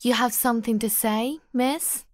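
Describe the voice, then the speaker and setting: A woman's voice: on the high side, fairly even intonation, moderate pace, no room sound, natural voice. Teasing young male teacher, smug and playful, as a woman narrator voices him; keep it dry and close. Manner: smirking, taunting. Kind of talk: audiobook character voice.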